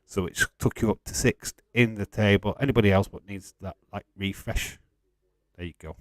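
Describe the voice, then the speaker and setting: Yorkshire bloke, stream host, low-ish voice, dry close mic, relaxed and chuckly. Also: male voice, normal speed, dry recording. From England. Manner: chatty and laid-back, chuckling often, light swearing. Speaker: livestream host. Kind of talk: casual live-stream chat, reading out viewer comments.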